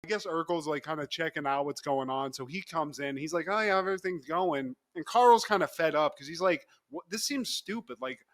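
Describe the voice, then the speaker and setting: A man co-hosting a podcast recaps a sitcom episode in casual, animated chat. His voice sits high and sounds bright and forceful. He keeps acting out the characters' lines and laughing along. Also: fairly quick, hardly any pauses. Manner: animated storyteller, acts out lines, laughs often. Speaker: podcast co-host.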